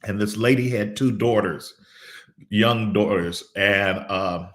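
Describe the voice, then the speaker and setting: A middle-aged man, a pastor, telling a personal story in an unhurried devotional way, often repeating his words. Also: on the low side, fairly bright tone.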